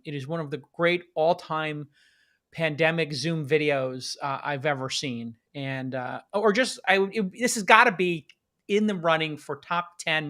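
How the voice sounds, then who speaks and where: A man hosting a live-streamed podcast, talking excitedly and hyping up his audience. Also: a little high. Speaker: podcast host.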